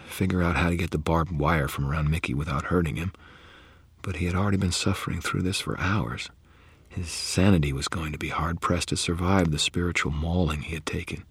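A man narrating first-person fiction in a grave manner, often dropping into a hushed whisper. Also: rumbling low, slightly rough, dry recording. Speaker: audiobook narrator.

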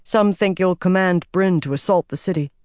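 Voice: medium pitch, moderate pace, darkish tone, clear, resonant tone, no room sound, voice pushed up, lightly acted. Narrator doing stubborn young prince, earnest, insistent, audiobook, dry sound.

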